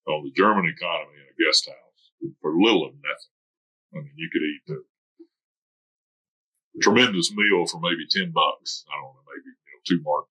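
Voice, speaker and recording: Older guy spinning long army stories, deep voice with a bright edge. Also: poor audio. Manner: rambling anecdotal storytelling. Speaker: interviewee, retired military veteran. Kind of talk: oral history interview.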